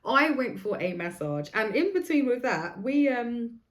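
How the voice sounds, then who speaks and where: A woman's voice: on the high side, very animated, a little slow. Chatty, swearing woman in her forties. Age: 40s. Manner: chatty, swears freely, acts out other people's lines. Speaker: podcast host. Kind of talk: casual storytelling monologue.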